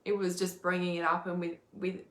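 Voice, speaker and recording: A woman's voice: lowish voice, level tone, fairly quick, echoey room. A woman, an intuitive healer talking candidly to camera, swearing freely and with emphasis. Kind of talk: casual personal video talk.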